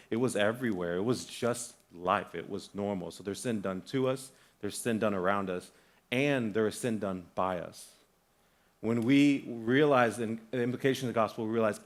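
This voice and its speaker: Animated young male preacher. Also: lowish voice. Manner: animated storytelling, acts out quoted voices; conversational, frequent restarts and "like". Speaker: guest pastor. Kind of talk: sermon. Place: church sanctuary.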